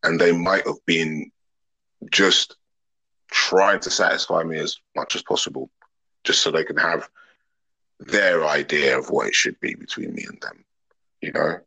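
A man's voice: a bass voice, fairly even intonation, a little slow, gravelly, pauses often, pushed and bright, breathy edge, low-quality recording. A man, a podcast guest talking openly and earnestly in long reflective thoughts. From England. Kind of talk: open casual conversation.

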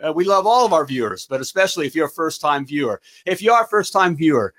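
An excitable man hosting a live plumbing business show, hyped up and stumbling over his words. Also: on the high side, fast talker. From United States. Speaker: host of a plumbing business livestream.

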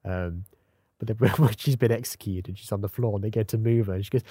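A man's voice: lowish voice, fairly even intonation, brisk, mellow, breathy edge, dry recording, clean studio sound. A man co-hosting a podcast, chatting casually and quoting favourite lines, often breaking into laughter. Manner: quotes lines with bursts of laughter. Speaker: podcast co-host.

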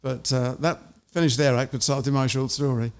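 A man, an author, reading his short story and then telling measured anecdotes in an interview. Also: mid-range voice, fairly even intonation, clean tone. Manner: measured and anecdotal, with small restarts.

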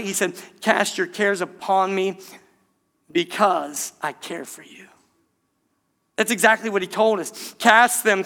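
A man's voice: high-pitched, a bit bright. A male pastor giving an earnest, impassioned sermon, often calling the congregation "church".

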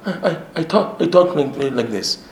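A man's voice: on the high side, animated, normal speed, creaky, slight background noise, voice pushed up. A man voicing a matter-of-fact male bus driver who stutters heavily, repeating sounds, in a joke. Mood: earnest. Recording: echoey room, faint ambience.

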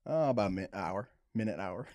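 A man's voice: on the low side, lively intonation, fairly quick, very noisy. A man hosting a prank call podcast, joking and laughing often in casual banter. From New York City.

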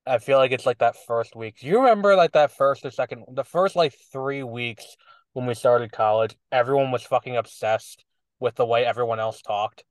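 A man's voice: medium pitch, normal speed, no room sound, low-quality recording. A man with a slight lisp co-hosting a podcast, rambling and restarting his sentences in casual chat. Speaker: podcast co-host.

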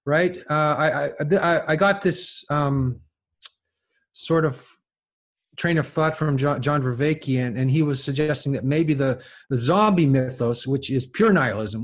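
A podcast guest who lives in France thinks aloud in a casual intellectual conversation. His voice is on the high side, and his speech is halting and thoughtful, with many restarts and repeated words.

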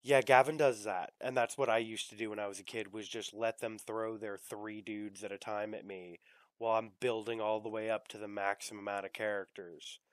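A man's voice: on the low side, fairly even intonation, fairly quick, no echo. A young man hosting a casual podcast chat, rambling with fillers and the odd swear word. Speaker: podcast host.

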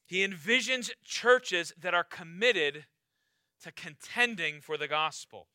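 Emphatic high-voiced male preacher. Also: expressive, slow, no room sound, studio quality. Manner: emphatic, repeats key phrases, swings from loud urging to low quiet. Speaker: pastor. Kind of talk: sermon.

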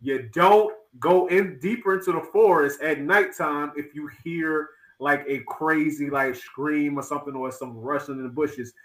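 Man with a slightly high, bright voice, emphatic podcast co-host, roomy echo. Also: moderate pace, few pauses. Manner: emphatic, animated storytelling. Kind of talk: casual reaction chat. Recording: echoey room.

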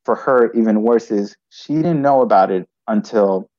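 A man's voice: lowish voice, warm tone, muffled recording. A man telling a personal story in conversation, restarting often and adding "right?" as he goes. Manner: halting, frequent restarts and "right?" tags.

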